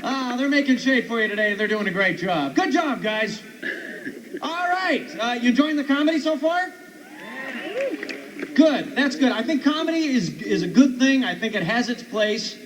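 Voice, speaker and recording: A man's voice: extremely high pitch, animated, a little slow, recorded from a distance. A man doing stand-up on an outdoor stage, with mock-earnest crowd work. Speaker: stand-up comedian. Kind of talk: stand-up routine. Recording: live outdoor recording with background noise.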